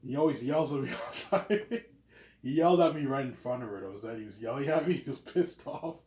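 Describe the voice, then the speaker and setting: Man, 30s, casual rambling vlogger, mid pitch, filler-heavy, echoey room. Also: animated, fast, a little mellow. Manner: repeats "obviously" and "man", chatty and self-assured. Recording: roomy echo.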